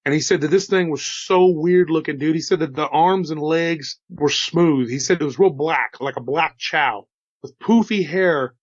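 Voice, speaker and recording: A man recounting a strange encounter in a casual storytelling manner, slightly hoarse after an illness, dropping "you know" and "dude" as he goes. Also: a little high, moderate pace, dry recording, dull audio. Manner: relaxed, chatty, says "dude" and "you know". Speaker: storyteller relaying witness accounts.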